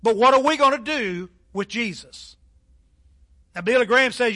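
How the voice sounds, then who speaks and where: A man's voice: high-pitched, normal speed, pushed and bright. An older man preaching a sermon as pastor, emphatic, with a delivery that rises and falls.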